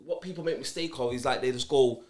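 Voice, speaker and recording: Fast-talking man, passionate. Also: mid-range voice. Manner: passionate, repeats phrases for emphasis, quick. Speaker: podcast guest, author. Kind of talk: casual chat.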